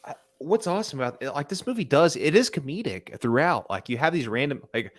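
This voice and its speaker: A man with a lively, swooping voice chats about a film as a podcast co-host. He often stumbles over his first words and jumps in with his own story. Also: fairly high pitch, brisk. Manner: animated, apologetic interrupter, stumbling starts. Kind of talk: casual movie review chat.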